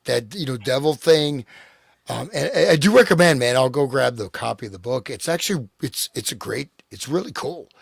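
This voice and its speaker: A man's voice: mid-range voice, expressive, brisk, vocal fry, husky, no echo, clean studio sound. A man co-hosting a podcast in casual chat, joking loosely and leaning on fillers. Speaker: podcast co-host.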